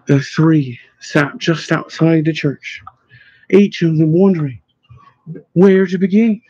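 Husky man narrating an audiobook. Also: fairly high pitch, slow pace, dry recording, muffled recording. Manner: steady, storytelling delivery.

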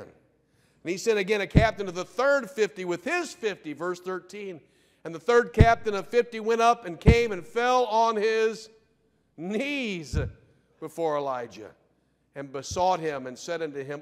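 A man pastor preaching a sermon, firing rhetorical questions and swinging between loud declarations and hushed asides. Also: high voice, lively intonation, unhurried. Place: church sanctuary. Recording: long church reverb.

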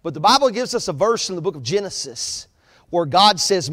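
A pastor delivers a sermon in a fairly high voice, pushing each point harder and then letting the line ends drop away quietly. His voice carries a long reverb from the church sanctuary around him. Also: lively intonation, fairly quick. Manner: preaching with rising emphasis and soft, trailing line ends.

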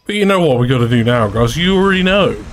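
Excitable man narrating his gameplay. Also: mid-range voice, fast talker, slight background noise. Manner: excitable, chatty, bursts into laughter. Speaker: gaming YouTuber. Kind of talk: live gameplay commentary.

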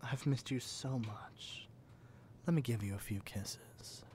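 A sweet, possessive yandere captor, played by a man, coos and whispers in this whispered role-play. He speaks slowly, lingering over every soft word, in a voice of ordinary male pitch. A clear layer of noise and room ambience sits behind him. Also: lightly acted. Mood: doting. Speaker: ASMR roleplay performer.

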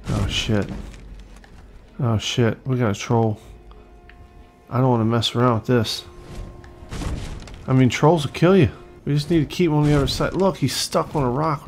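A gravelly-voiced man gives casual, excitable commentary while he plays, cursing and taunting the enemies. Faint game music sits behind him. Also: mid-range voice. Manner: excitable, swearing, talks to enemies. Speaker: let's play host.

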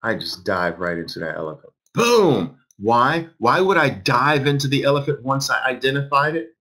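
An emphatic man in his fifties leads a live trading class, his pitch swinging up and down. His voice has a husky edge. He repeats phrases and fires questions at his listeners. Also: lively intonation, brisk, sharp tone. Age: 50s. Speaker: trading instructor.

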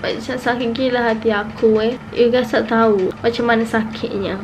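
A woman's voice: fairly high pitch, little pitch movement, a little fast, dull audio, noisy background. A teenage woman with a Malaysian accent talking to camera in a casual vlog, emotional and switching between English and Malay. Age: teens. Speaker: vlogger.

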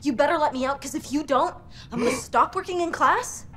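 A woman's voice: sits high, a little fast, fairly bright tone, slight background noise. A woman voicing a rebellious teenage girl in video game dialogue, pleading and sulky. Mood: defiant. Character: defiant teenage girl, grounded and restless.

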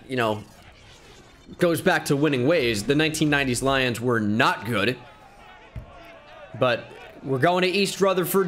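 A man giving excitable video game commentary, thinking aloud with bursts of hype. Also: a little high, a little hiss or hum. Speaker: gaming YouTuber.

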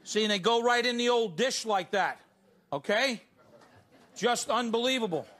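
Speaking at normal speed in a very high, somewhat bright voice, a middle-aged host runs a live cooking demonstration before a studio audience. His delivery is emphatic, peppered with "okay?" and "you see?" to pull viewers along, and audience sounds and background noise fill the recording.

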